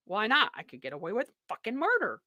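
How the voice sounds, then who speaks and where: A woman's voice: fairly high pitch, wildly swooping pitch, fast talker, bright, forceful tone, no echo. A woman hosting a live political talk show, rambling and mocking in a sarcastic tone. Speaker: show host.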